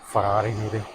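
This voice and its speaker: A man with a Donegal Irish accent, a travel vlogger chatting casually to camera outdoors on a beach in a rambling, easygoing way, with slang and swearing. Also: fairly low pitch. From Donegal, Ireland. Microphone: clip-on mic. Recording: outdoor wind noise.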